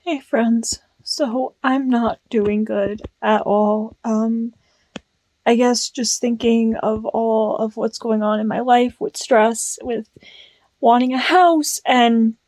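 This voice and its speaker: A young woman confiding to her camera while deeply distressed and overwhelmed, speaking haltingly with long pauses. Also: steady tone, a little mellow, poor audio. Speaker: vlogger. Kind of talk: candid personal vlog.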